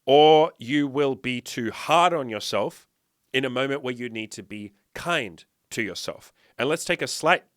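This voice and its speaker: A man talks straight to his viewers in a blunt, swearing, emphatic way and keeps hitting them with rhetorical questions. His pitch sits in an ordinary middle range for a man. The recording is dry, with almost no room sound. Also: lively intonation, unhurried, fairly bright tone, no echo. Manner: blunt, profane, emphatic lecturing. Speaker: dating and fitness coach. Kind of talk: direct-to-camera motivational talk.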